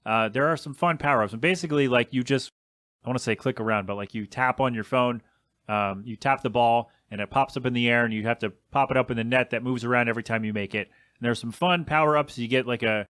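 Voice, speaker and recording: In a studio-quality recording without echo, a young adult man talks fast as he hosts his own casual podcast, venting with exasperation and occasional swearing as he rambles. His voice is mid-range and a bit bright.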